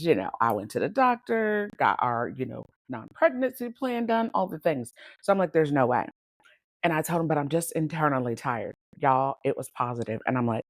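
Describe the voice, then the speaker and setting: A woman speaks in a low, rich voice on a casual podcast, recorded close and dry with almost no room sound. She tells her stories with animated energy, breaking into laughter and talking straight to her listeners. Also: no room sound. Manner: lively, animated, laughs often, addresses listeners as y'all. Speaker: podcast host and coach. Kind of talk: casual storytelling monologue.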